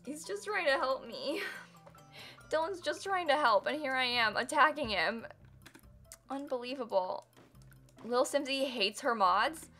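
A woman's voice: a little high, bright, forceful tone. A woman live-streaming a building game, chatting casually with her viewers, giggling and teasing herself as she works. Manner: chatty, giggly, self-mocking, talks to chat.

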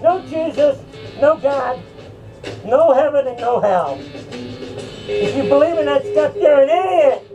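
A woman's voice: high voice, animated, a little slow, long pauses, muffled recording. A woman voicing a drunk, scornful male hypocrite preacher who taunts and brags in a rowdy comic rant. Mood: taunting. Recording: distant mic with faint music.

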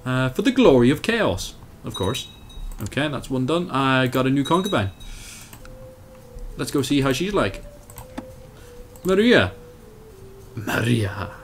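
A young man casually commentating his strategy game, animated, self-mocking and swearing at the game as he plays. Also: mid-range voice, moderate pace, pauses often, a little hiss or hum. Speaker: let's play host.

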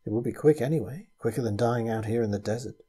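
A man's voice: mid-range voice, fast, warm tone, slightly rough, lightly acted. A man voicing a desperate adult man cursed to turn things to gold, speaking in a strained, pleading way.

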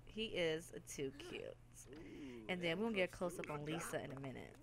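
A woman's voice: low-pitched, lively intonation, brisk. A woman hosting a let's play, giving playful, chatty, teasing commentary over game chatter. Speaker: gaming channel host.

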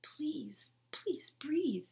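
A woman voicing a heartbroken, fiercely protective young boy in a storybook reading, pleading and shouting with raw emotion. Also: lowish voice, fairly even intonation, slow pace, husky, full character voice. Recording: roomy echo.

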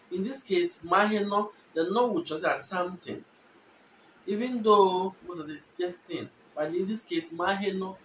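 A man giving a casual language lesson, repeating short phrases slowly so learners can follow. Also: high voice, a bit bright. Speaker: language teacher. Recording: echoey room, distant mic, faint noise.

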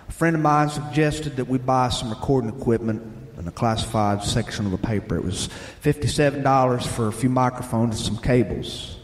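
Folksy man telling stories on stage. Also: mid-range voice. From Southern United States. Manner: folksy, plainspoken storytelling with gentle humor. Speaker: storyteller and radio host. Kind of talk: live storytelling on stage. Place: theater stage. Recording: echoey live theater with long reverb.

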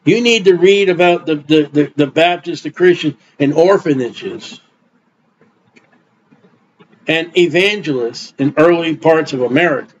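A man's voice: on the high side, a little slow, slight background noise. A middle-aged man preaching an informal, rambling sermon in a blunt, conversational way. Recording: dull lo-fi recording.

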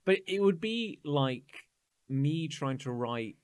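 Man, podcast co-host, lively pitch, slightly high voice, casual chat. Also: slow pace, no room sound. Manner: animated storytelling with mocking impressions.

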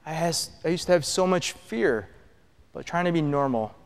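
Middle-aged man with a smooth, slightly high voice giving an earnest testimony in a big echoing hall. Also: expressive, moderate pace. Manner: earnest storytelling, dropping low and soft on painful memories. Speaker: professor giving a personal testimony. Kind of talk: testimony talk to an audience. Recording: long hall reverb.

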